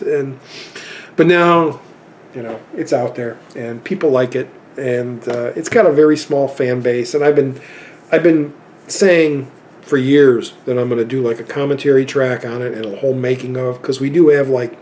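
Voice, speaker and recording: A man's voice: mid-range voice, normal speed, a little mellow, a little hiss or hum. A man in his fifties telling rambling anecdotes in a casual chat about his film collection.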